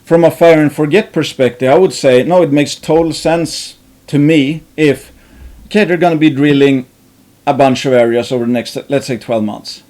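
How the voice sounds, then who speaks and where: A man's voice: on the high side, normal speed, darkish tone. Rambling man musing on investments. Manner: rambling, many restarts and fillers, casual swearing. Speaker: investing channel host. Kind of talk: thinking aloud about investing.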